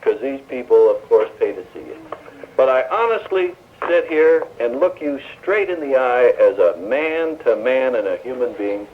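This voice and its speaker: A man's voice: medium pitch, big pitch swings, normal speed. A man hosting a live call-in radio show, jovial and soothing with his guests. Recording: tinny 1970s radio broadcast with faint hiss.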